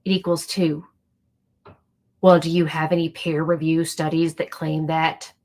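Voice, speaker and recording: A woman putting on a low, mocking voice to imitate a condescending male trial lawyer in a commentary video. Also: little pitch movement, unhurried, darkish tone. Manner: sarcastic, lowered mock voice.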